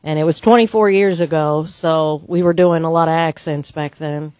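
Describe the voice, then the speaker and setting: A woman's voice: low voice, fairly even intonation, normal speed, a little mellow, dry recording. A woman who reads news on a radio show, chatting hesitantly with many fillers. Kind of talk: casual radio banter.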